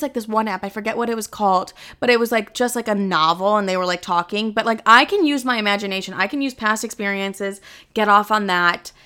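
A woman hosting a podcast, talking in a candid, animated and profane way about her private life. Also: mid-range voice, smooth. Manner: candid, profane, animated, acts out her own quoted lines. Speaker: podcast host. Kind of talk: casual podcast monologue.

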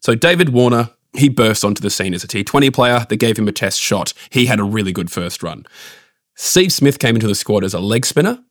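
A man talks through cricket selections in an opinionated, ranting way. His voice sits fairly low, and it is recorded dry and close with almost no room sound. He sounds like a casual podcast co-host. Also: expressive, fairly quick, no room sound.

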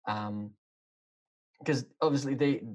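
A man's voice: mid-range voice, takes it slowly. Rambling man in casual chat. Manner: rambling, hesitant with many fillers.

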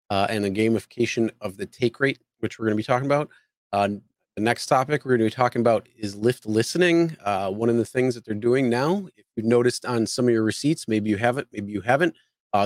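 A man's voice: mid-range voice, no room sound. Rambling male co-host, dry close sound. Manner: rambling, many fillers and restarts. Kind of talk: casual live show chat.

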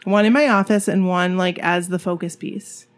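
A woman's voice: lowish voice, steady tone, normal speed. A woman co-hosting a podcast in casual chat, chatty and self-deprecating, with lots of fillers. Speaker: podcast co-host.

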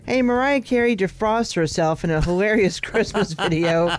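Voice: mid-range voice, moderate pace. Radio co-host, entertainment news read, chatty, easy laughs, faint music bed. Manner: reads headlines, laughs along easily.

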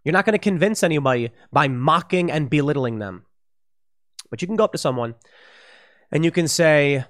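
A man delivers solo political commentary in a fairly high voice that rises and falls in lively swings. He talks emphatically and stumbles into repeated words when he gets heated. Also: normal speed, long pauses.

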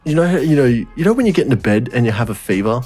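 A man's voice: mid-range voice, sing-song, rapid-fire, darkish tone. A young man with an ordinary mid-range voice tells a story on a podcast. He rambles, swears freely and keeps breaking into laughter. Faint music plays underneath. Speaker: podcast co-host. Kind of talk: casual storytelling chat.

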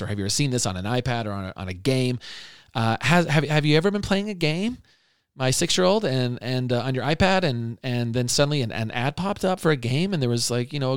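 A man's voice: mid-range voice, no echo. Earnest middle-aged man, dry close sound. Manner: earnest, conversational, frequent restarts. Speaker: podcast host and parenting speaker. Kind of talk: casual podcast talk.

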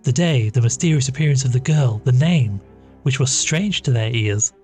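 A man reading a classic story aloud as storyteller, in a measured, steady manner. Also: medium pitch. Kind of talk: scripted narration of a classic story. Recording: faint background music.

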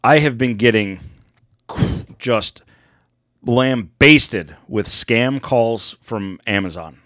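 American dude on a podcast, swears a lot, sarcastic, dry close sound. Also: male voice, mid-range voice, slow pace, a bit bright, dry recording. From United States. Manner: profane, sarcastic storyteller. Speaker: podcast co-host. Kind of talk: casual chat.

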